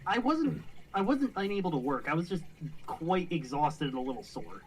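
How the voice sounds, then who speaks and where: A man's voice: fairly high pitch, big pitch swings, normal speed. Easygoing man, far from the mic. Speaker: stream guest. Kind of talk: casual chat on a livestream. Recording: faint hiss, distant mic.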